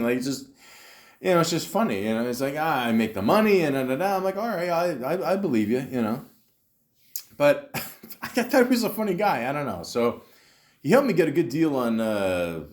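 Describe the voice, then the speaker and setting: A man's voice: medium pitch, a little mellow. Rambling profane man telling a story. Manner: rambling, profane, lots of fillers and restarts. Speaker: podcast host. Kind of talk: casual storytelling monologue.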